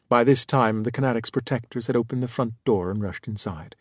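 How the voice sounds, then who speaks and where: Male audiobook narrator, measured first-person read, dry close sound. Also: medium pitch, dry recording.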